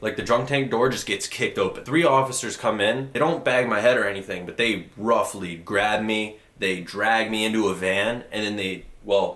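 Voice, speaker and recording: Young man, low voice, blunt, profane, storytelling monologue, echoey room. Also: fairly bright tone. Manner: blunt, profane, rushed retelling. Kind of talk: personal storytelling, casual monologue.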